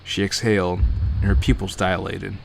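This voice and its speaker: Casual male game streamer, low voice, reads narration aloud and breaks off for jokes. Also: flat delivery, moderate pace, vocal fry, noisy background. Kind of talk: casual live-stream read-through.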